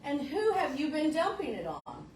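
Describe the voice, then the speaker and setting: A woman minister preaches a conversational sermon in a church sanctuary, folksy and searching, often restarting phrases and repeating words as she does. Her voice sits high with huge pitch swings, a moderate pace, and a slightly mellow quality. A distant mic gives roomy church sound with a little hiss or hum.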